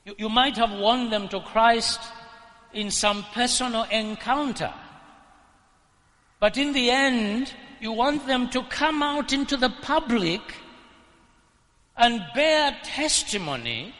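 Male preacher, bright high voice, deliberate and emphatic sermon delivery. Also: animated. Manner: emphatic, rising to shouts at peaks. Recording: long hall reverb.

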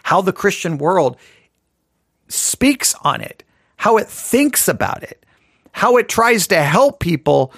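A man with a slightly raised pitch talks through a casual Christian podcast. He rambles and stumbles over restarts, often poking fun at himself. The sound is dry and close, with no room around it. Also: lively intonation, slow pace, fairly bright tone, no echo. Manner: rambling, self-deprecating, with many restarts. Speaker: podcast host.

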